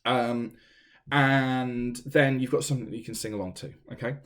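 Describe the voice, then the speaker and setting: Over background piano, a man from England runs an online singing lesson from a room at home during lockdown, captured on a camera he set up. He's chatty and self-deprecating, speaking at a normal speed in a medium-pitched, steady voice.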